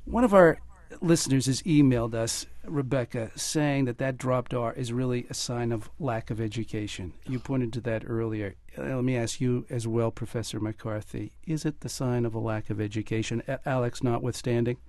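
A man hosts a radio talk program, moving between scripted narration and questions for his guests. His voice sits in a middle register and stays lively and crisp. The studio sound is dry and close. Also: medium pitch, moderate pace, no echo. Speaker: radio host.

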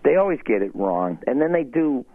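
A man's voice: medium pitch, fairly quick, no echo. Man on a tinny phone line. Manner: animated storytelling, slips into impressions. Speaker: guest voice actor. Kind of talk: phone-in interview.

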